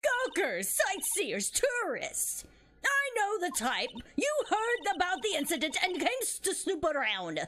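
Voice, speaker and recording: A woman's voice: huge pitch swings, measured pace, a bit bright, a little hiss or hum, heavily acted. A woman voicing a bossy, nosy old woman security guard in a mock British accent during a game let's play. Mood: scolding. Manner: scolding, shrill, grumbling.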